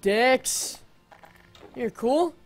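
A young man hosting a gaming channel, reacting loudly as he plays, swearing constantly and gasping and yelping at scares, speaking into a home desk mic. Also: very high-pitched, very slow. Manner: excitable, swears constantly, yelps and gasps at scares. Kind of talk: live let's-play commentary. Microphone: home desk mic that glitches.

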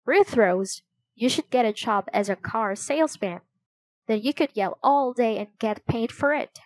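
A joking, slightly whiny boy from a children's storybook, as a woman puts him on. He grumbles playfully at a slow pace. The sound is dry and close. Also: a little high, dry recording, lightly acted.

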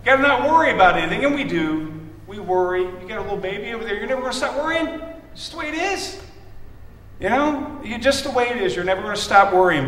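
Midwestern male lay preacher, high-pitched, casual and anecdotal, recorded from afar in a reverberant church. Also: a bit bright. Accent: Midwestern American. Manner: chatty, anecdotal, addresses congregation by name. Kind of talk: casual conversational sermon. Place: church sanctuary. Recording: echoey church from a distance.

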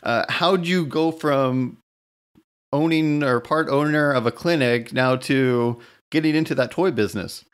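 A man hosting a podcast, asking questions in relaxed casual chat with short friendly affirmations. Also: medium pitch, a little slow, clear, resonant tone. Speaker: podcast host.

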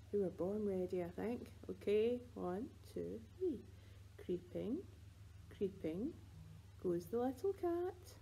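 A woman with a Scottish accent leading rhymes and songs for babies in a library, sing-song and playful with soft whispered asides. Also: mid-range voice, slight background noise, rough recording. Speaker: children's librarian.

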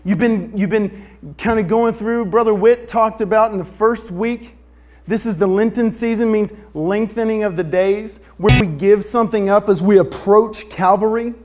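A man's voice: high voice, normal speed, darkish tone. A man preaching a sermon, joking with the congregation and asking them for a show of hands. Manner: asks the audience for a show of hands. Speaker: pastor.

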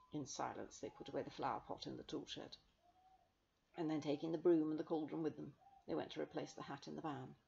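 A woman reading a children's novel aloud in a gentle, measured storytelling manner. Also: deep voice, steady tone, creaky, dull audio, a little hiss or hum. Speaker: reader.

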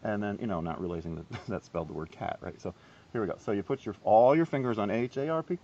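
Low-voiced chatty man teaching harp. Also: fast, warm tone, highs cut off. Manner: chatty, self-deprecating, laughs often. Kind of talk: casual video lesson.

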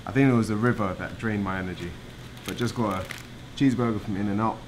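A man's voice: fairly low pitch, quick pace, noisy background. A young man with a British accent, vlogging in a casual, chatty, joking way outdoors in a city to a handheld camera. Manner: relaxed, chatty, jokey. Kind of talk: casual vlog chat. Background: music playing.

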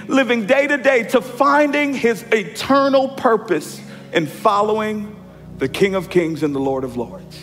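A man in his thirties preaching a lively sermon as pastor, often calling the congregation y'all. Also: high-pitched, a little slow, faint music behind. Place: church sanctuary. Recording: hall reverb from church sanctuary.

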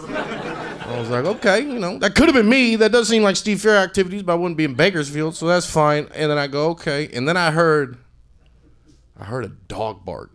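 On a club stage, a male stand-up comedian improvises a story into a handheld mic, switching between loud acted-out quotes and quiet mumbled asides. His pitch is fairly high, his intonation lively and his speed normal.

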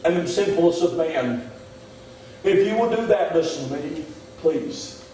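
A man's voice: a little high, animated, a little slow, mellow, slight background noise. A man preaching a revival sermon as pastor, repeating "my friend" often, recorded from a distance in a church. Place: church sanctuary. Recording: very echoey church hall, mic far off. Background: congregation amens.

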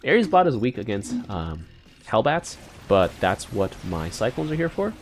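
Excitable man with wildly swinging pitch. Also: unhurried, soft background music. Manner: excitable, slangy, with sudden squeals and mumbled asides. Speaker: gaming YouTuber. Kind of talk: casual live gameplay commentary.

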